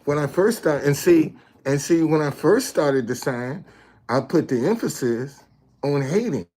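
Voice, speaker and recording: Brief: man hosting his own video channel, unhurried and emphatic, higher-pitched speaking voice. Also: expressive, warm tone. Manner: repetitive, checks in with viewers often; emphatic, explaining step by step. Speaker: street messenger and video host. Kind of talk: casual talk to viewers.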